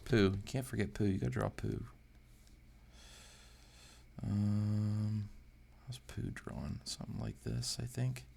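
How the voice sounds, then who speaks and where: An amateur artist who hosts a drawing channel rambles casually while he draws, thinking aloud, sounding unsure and making fun of his own attempts. His voice is fairly low and darkish with vocal fry, and his intonation stays fairly even. He takes it slowly and pauses often.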